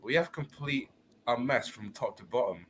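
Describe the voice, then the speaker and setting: A man talks football in a halting, rambling way over a faint hum of background noise. His voice sits mid-range. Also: medium pitch, fairly bright tone. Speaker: panelist. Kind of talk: casual football chat.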